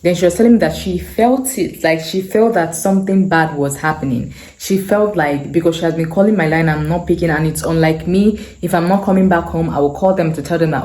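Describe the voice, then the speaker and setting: A woman's voice: fairly low pitch, a little fast, mellow. A woman, earnestly telling a personal story to camera and repeating phrases for emphasis. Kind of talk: casual storytelling. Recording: echoey room.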